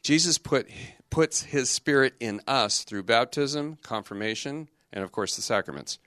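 A middle-aged man, a religious brother, giving a lively youth talk in a conversational, joking way full of rhetorical questions. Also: mid-range voice, unhurried, no echo, studio quality.

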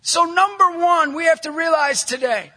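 High, bright, shouting man preaching. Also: moderate pace. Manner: punchy, jokey storyteller, bursts into shouting emphasis. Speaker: Catholic evangelist speaker. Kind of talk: energetic preaching talk to a live audience. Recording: long hall reverb from a large venue.

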